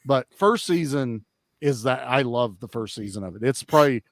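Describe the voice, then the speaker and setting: A man's voice: mid-range voice, lively intonation, moderate pace, dry recording, studio quality. A man guesting on a casual podcast chat, talking enthusiastically and swearing freely.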